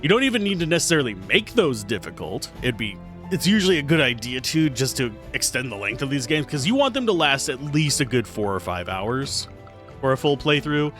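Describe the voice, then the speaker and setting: A man's voice: mid-range voice, very animated, brisk, fairly bright tone, soft background music. A young man giving casual gameplay commentary, musing and analytical as he thinks aloud. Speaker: game reviewer, let's player.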